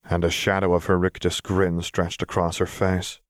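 A man reading a fan-fiction story aloud as narrator, with steady storytelling. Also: low-pitched, normal speed, no echo, studio quality. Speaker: audiobook narrator. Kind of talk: scripted narration.

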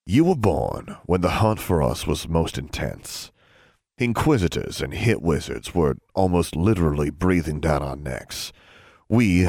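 A man voicing a soft-spoken, feared middle-aged wizard father who talks in a calm, measured, gentle way. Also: low voice, creaky, no echo, clean studio sound, exaggerated voice.

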